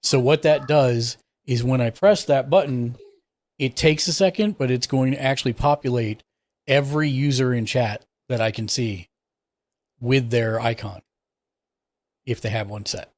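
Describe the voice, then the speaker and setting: A young man talks a guest through software settings in a relaxed, easygoing way. His voice sits at an ordinary middle pitch. He thinks aloud and backtracks as he hunts for a button. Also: measured pace, no echo. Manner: relaxed, explains step by step while clicking around. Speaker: streaming tech support host. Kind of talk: casual live-stream tech walkthrough.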